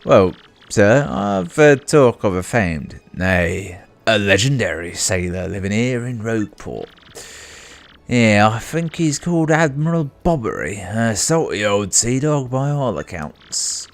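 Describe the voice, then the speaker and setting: A man doing a gruff salty sailor. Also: on the low side, big pitch swings, unhurried. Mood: eager.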